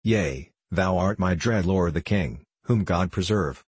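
A man's voice: low voice, measured pace, darkish tone, husky. A man voicing a timid, frightened pauper boy pleading in archaic speech.

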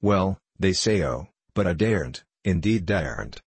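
A man voicing a timid, frightened young page who speaks in old-fashioned, pleading words, in the reader's own low, husky voice. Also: lively intonation, unhurried, no echo, exaggerated voice. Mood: hesitant.

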